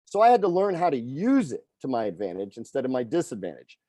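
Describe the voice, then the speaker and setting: Lively middle-aged man telling his story. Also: mid-range voice, quick pace, dry recording. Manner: conversational, frequent tag questions. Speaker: fitness coach and speaker. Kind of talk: personal storytelling talk.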